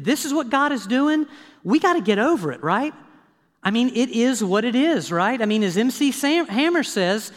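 Guy pastor preaching, high voice, chatty asides all the time, long echo off the hall. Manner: lively preaching with frequent "all right?" asides. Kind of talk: sermon. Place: church sanctuary.

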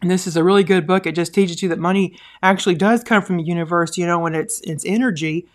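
A woman's voice: fairly low pitch, fairly even intonation, fast talker. A woman hosting a podcast in a casual monologue, earnest and encouraging, rambling with many fillers and restarts. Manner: rambling, full of "like" and "you know". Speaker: podcast host.

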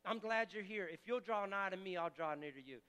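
A man voicing God as a gentle, fatherly figure who speaks softly and reassuringly. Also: high-pitched, expressive, brisk, clear, resonant tone, in a large hall, dull audio. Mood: tender. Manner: soft, tender, reassuring.

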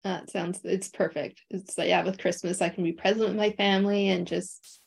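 A woman's voice: medium pitch, little pitch movement, moderate pace, gravelly, slightly rough. A woman on an online call, a coaching client talking casually in rambling, grateful sentences full of fillers and restarts.

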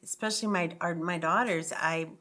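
A woman's voice: lowish voice, normal speed, bright, forceful tone. A woman co-hosting a faith podcast, earnest and enthusiastic in casual chat. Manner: earnest, enthusiastic, talks about family. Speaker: podcast co-host.

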